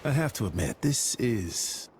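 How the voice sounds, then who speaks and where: Husky Australian warrior man, deep voice, lively pitch, noisy game mix. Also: a little slow. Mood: flirty. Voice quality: husky, rugged.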